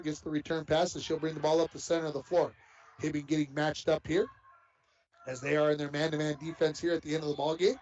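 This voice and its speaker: A man's voice: on the high side, a little mellow. Folksy man calling a girls' basketball game. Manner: folksy, chatty asides between plays. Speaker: play-by-play announcer. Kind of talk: live sports commentary. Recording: dull lo-fi broadcast audio with faint noise.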